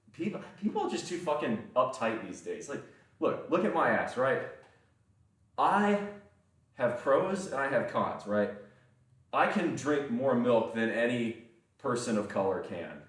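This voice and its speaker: A man chatting casually on a livestream, rambling and profane, often breaking into laughter. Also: medium pitch. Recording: echoey room, voice far from mic.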